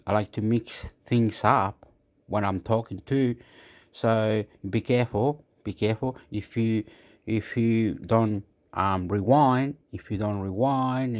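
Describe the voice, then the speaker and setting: A man's voice: mid-range voice, darkish tone. Rambling, swearing man ranting. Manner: repetitive, swears, asks "you understand?". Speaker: vlogger. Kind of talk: rambling casual rant.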